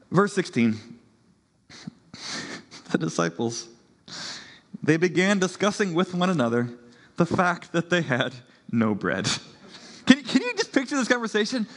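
A man's voice: on the high side, animated, moderate pace, pauses often, a bit bright, in a large hall. A man in his thirties preaching a sermon as pastor, in a playful, conversational way with frequent laughs.

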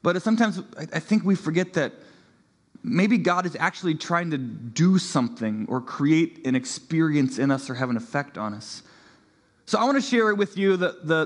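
A man's voice: fairly high pitch, in a large hall. A man in his thirties preaching a sermon as pastor, in a playful, conversational way with frequent laughs.

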